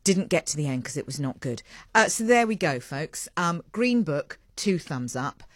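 A woman's voice: deep voice, sing-song, normal speed, no echo, studio quality. A woman hosting a radio breakfast show, chatting in a rambling, self-mocking way.

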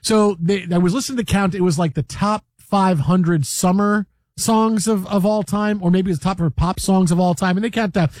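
A man hosting a talk radio show, bantering playfully with co-hosts, laughing often and slipping into quick impressions. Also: high voice, steady tone, a little mellow, no echo, studio quality. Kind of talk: casual sports radio banter.

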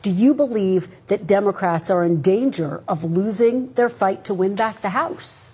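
A woman news anchor questioning a guest in a brisk, pointed way. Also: mid-range voice, darkish tone, slightly rough. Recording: dull lo-fi broadcast audio.

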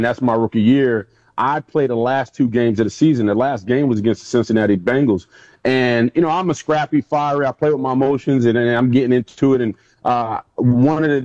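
A man, a former pro football player, recounts locker-room stories as an interview guest. His voice is mellow and dark, with a dry, dull lo-fi sound. He tells them with energy and acts out what others said. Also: mid-range voice, no room sound. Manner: animated storyteller, acts out quotes. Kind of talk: casual interview storytelling.

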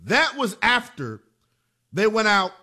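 A man hosting a sports talk radio show, delivering an emphatic, animated monologue. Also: sits high, takes it slowly.

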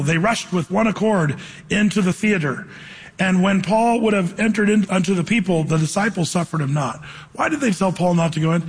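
A male pastor delivers a sermon, reading passages deliberately and then unpacking them in relaxed, slangy speech. His voice sits high and carries a husky edge. The sound rings with long reverb, as in a big hall. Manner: reads scripture slowly, then explains in casual slang.

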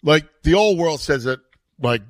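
A man's voice: a little high, animated, normal speed, fairly bright tone, no room sound. A middle-aged man hosting a sports radio show, chatting loosely with a guest, laughing and trailing off. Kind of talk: casual chat.

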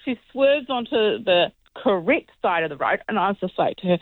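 A New woman calls in to a breakfast radio show and tells her story with lively energy, pausing to ask "okay?". She comes through a thin, narrow phone line. The sound is dry and has no room echo. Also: lowish voice. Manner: animated storyteller, often adds "okay?". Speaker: caller.

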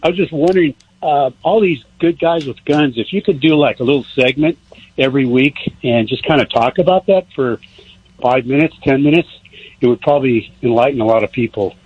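Husky hesitant male caller. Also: medium pitch, lo-fi sound. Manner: hesitant, halting with fillers. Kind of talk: phone-in call.

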